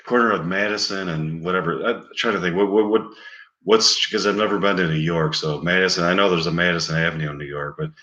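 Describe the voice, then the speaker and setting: A man's voice: low-pitched, fast talker, pushed and bright, roomy sound, muffled recording. A man telling an improvised, rambling comic story, meandering and stalling to think. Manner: meandering, full of fillers and stalls. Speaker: comedic storyteller.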